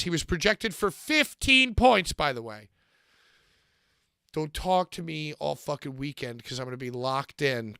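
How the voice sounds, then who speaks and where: A man co-hosting a casual podcast chat, loud and joking, swearing freely as he banters. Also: a little high, vocal fry, no echo, studio quality. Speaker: podcast co-host.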